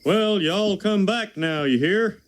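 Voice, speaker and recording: An actor playing a friendly country man with a slow drawl. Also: high voice, very noisy. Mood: folksy.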